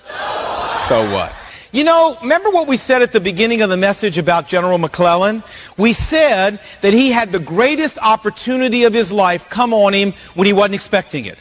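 High-voiced pastor preaching, jokey and animated. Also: male voice, brisk. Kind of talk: sermon. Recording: long reverb of a large hall.

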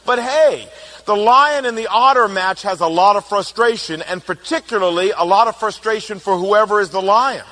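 A middle-aged man giving a humorous, animated talk, telling family stories and acting out quotes. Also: sits high, moderate pace. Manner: animated storytelling, playful, acts out quotes. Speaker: speaker on personality types.

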